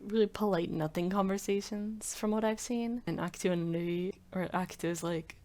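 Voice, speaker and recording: A woman's voice: fairly low pitch, steady tone, a little fast, hardly any pauses, darkish tone. A woman rambling casually in a commentary video, filling her talk with frequent "like"s. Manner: rambling, heavy use of "like" fillers. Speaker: video creator.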